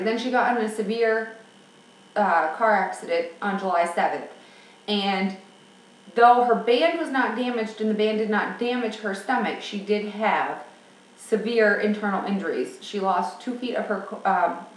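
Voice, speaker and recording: A woman talking frankly and at length in a candid personal vlog. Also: medium pitch. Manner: chatty and frank, rambling. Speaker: vlogger. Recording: roomy sound from a distance.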